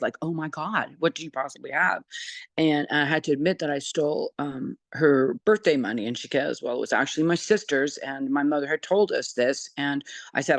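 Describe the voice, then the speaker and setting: In a group sharing circle, a San Francisco woman in her sixties gives an earnest, meandering personal testimony full of fillers and restarts. Her voice is deep, with no echo.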